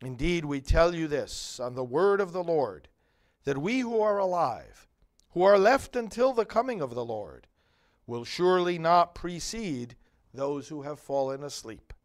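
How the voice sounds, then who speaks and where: A male priest giving liturgical readings and a homily in a measured, solemn way with long pauses. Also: fairly high pitch, animated.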